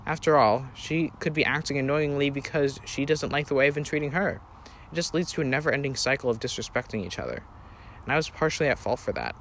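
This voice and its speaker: A man narrates a first-person story in an earnest, plain reading style. His voice has a middling pitch, and he sometimes stops to correct himself. A faint hiss of background noise sits under the voice. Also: fast, fairly bright tone.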